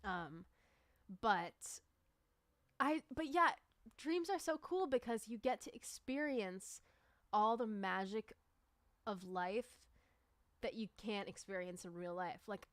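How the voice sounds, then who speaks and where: A woman's voice: mid-range voice, expressive, slow, pauses often, dry recording. Chatty woman streamer with a dry close sound. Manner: rambling, chatty, many "like" fillers. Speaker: livestreamer and musician. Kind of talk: casual livestream chat.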